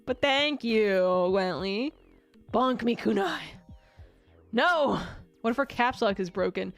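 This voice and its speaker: A woman's voice: on the high side, expressive, slow, soft background music. A woman streamer chatting casually with her viewers, rambling and self-mocking and often breaking into laughter.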